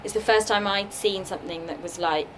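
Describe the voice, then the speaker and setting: A guest puppeteer fields questions in a casual Q&A, chatting away with plenty of "likes" and fillers. Her mid-range voice holds a steady tone and moves a little fast. It's a noisy live recording from a festival workshop room.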